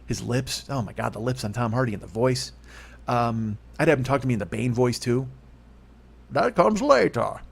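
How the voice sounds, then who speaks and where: A man's voice: medium pitch, steady tone, a little fast, gravelly, slightly rough. A man in his fifties hosting a solo comedy podcast, rambling and profane with a self-mocking streak. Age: 50s.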